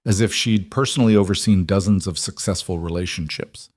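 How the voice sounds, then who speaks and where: A man narrates a story in a low, steady voice. His delivery is even and measured. The sound is dry and close to the mic. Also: no echo.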